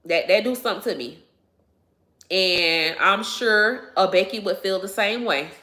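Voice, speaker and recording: A woman's voice: mid-range voice, measured pace, bright, forceful tone, reverberant. A woman hosting a casual livestream, talking emphatically, repeating herself and laughing often. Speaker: livestream host answering viewers.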